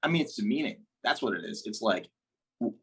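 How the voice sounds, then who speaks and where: Husky, blunt, chatty man. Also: fairly low pitch, expressive, a little fast, fairly bright tone. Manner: chatty, blunt, lots of "like"s, laughs easily. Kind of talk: casual chat.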